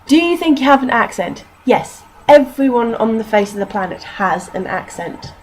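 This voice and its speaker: A woman's voice: a little high, expressive, moderate pace, slight background noise, low-quality recording. A young woman from Britain with a mixed northern English accent, casually chatting and reading aloud for a vlog, swearing and laughing at her own slips.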